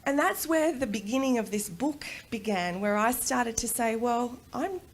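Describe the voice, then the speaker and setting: A middle-aged Australian woman giving a personal storytelling talk at a conference, animated and quick to laugh. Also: a little high, a little hiss or hum. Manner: animated, laughs often, acts out voices in quotes. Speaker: conference speaker. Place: conference room.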